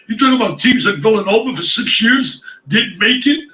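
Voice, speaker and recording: High, bright-voiced excitable basketball pundit man. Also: a little fast, hardly any pauses, roomy sound, far from the mic, lo-fi sound. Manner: exclamatory, emphatic, repeats phrases. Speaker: college basketball analyst. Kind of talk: excited studio reaction commentary.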